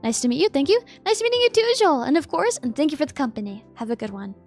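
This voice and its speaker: A woman's voice: high voice, lively intonation, fast, a little mellow, soft background music. A sleepy woman streamer chatting casually with her viewers, giggling as she reads their messages aloud and answers them.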